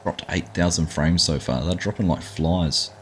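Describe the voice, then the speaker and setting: A middle-aged Australian man runs a live gaming stream at a normal speed, his voice deep and his manner casual. He greets people by name, calls them mate often, and a slight hiss or hum can be heard.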